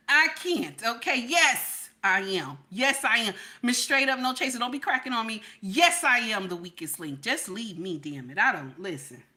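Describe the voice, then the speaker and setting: A middle-aged woman hosting a casual livestream chat, with a fairly high, bright and sharp voice. She talks to her viewers in an animated, playful way, laughs often and keeps checking in with "okay?". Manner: animated and playful, repeating herself with frequent "okay?". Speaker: livestream host.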